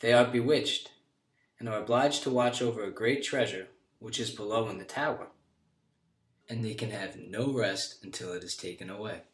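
A man's voice: lowish voice, normal speed, reverberant, natural voice. A man doing a mild, fearless young son. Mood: calm.

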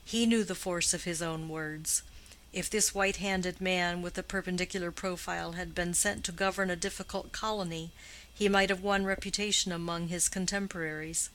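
A woman reads literary narration in a measured, even way. Her voice sits a bit low yet sounds bright and forceful. The delivery is steady, scripted storytelling. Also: poor audio. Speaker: audiobook narrator.

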